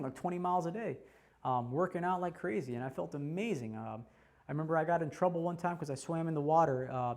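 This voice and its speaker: A man in his forties teaching a class by telling his own story, animated and laughing often. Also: on the high side. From United States. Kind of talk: personal storytelling talk.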